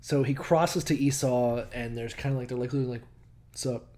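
A man's voice: mid-range voice, steady tone, moderate pace, mellow. A man co-hosting a podcast, casually retelling a story with lots of swearing, rambling asides and laughter. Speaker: podcast co-host. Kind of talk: comedic retelling, casual chat.

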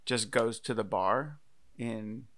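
A man's voice: fairly low pitch, takes it slowly, fairly bright tone. A man co-hosting a podcast, chatting loosely about films, joking and swearing as he goes. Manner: loose and jokey, swears, laughs easily. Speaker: podcast co-host. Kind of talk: casual movie discussion.

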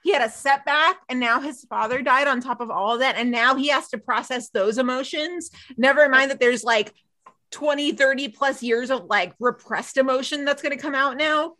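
This podcast host animatedly retells a TV episode, chatting casually and playing out the characters' lines. She has a high voice at a normal speed.

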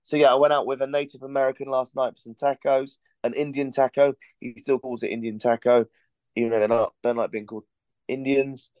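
Podcast host, man, mid-range voice, smooth and clear, loose rambling storyteller. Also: medium pitch, flat delivery, fairly quick, a little mellow, no echo. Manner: rambling anecdotal storytelling with swearing. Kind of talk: casual podcast chat.

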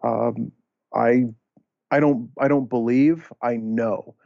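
A man's voice: medium pitch, steady tone, slow, creaky, dry recording, phone-quality sound. A man speaking earnestly about kindness, with hesitant restarts. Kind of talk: reflective talk.

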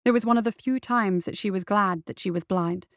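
A woman narrating a dark fantasy story in a steady, even reading voice. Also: mid-range voice, fairly quick, no echo, clean studio sound. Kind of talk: audiobook narration.

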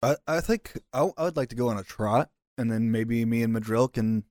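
A man's voice: medium pitch, a little fast, a little mellow, dry recording, lightly acted. A man voicing a small, timid adventurer who speaks in a friendly, hesitant way. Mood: nervous. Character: small, timid first-time rider adventurer.

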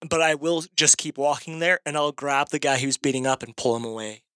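A man's voice: a little high, fairly quick, a bit bright, clean tone, no echo, clean studio sound. A man playing his character at a tabletop game, assertive and confrontational. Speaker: player. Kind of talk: tabletop role-play.

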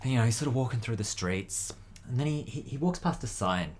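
A man's voice: mid-range voice, expressive, fairly quick, background noise. A man telling a long joke in casual chat, rambling and hesitant, sighing often.

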